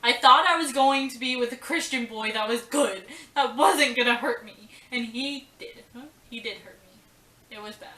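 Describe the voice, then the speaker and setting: A woman's voice: fairly high pitch, normal speed, pushed and bright. A young woman telling a personal story in a casual vlog, rambling and emotional with lots of fillers. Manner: rambling, emotional, full of fillers and quoted dialogue. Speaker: vlogger. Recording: roomy, distant from the mic.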